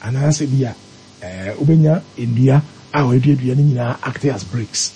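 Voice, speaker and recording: A man's voice: medium pitch, unhurried, dark tone, slight background noise, low-quality recording. Ghanaian man explaining on talk radio. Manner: mixes local language with English, explaining step by step.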